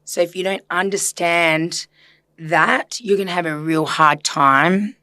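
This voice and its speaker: A woman's voice: on the low side, slow, pushed and bright, dry recording. A woman therapist talking earnestly and reflectively in a casual podcast conversation, chatty with filler words. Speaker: systemic therapist guest.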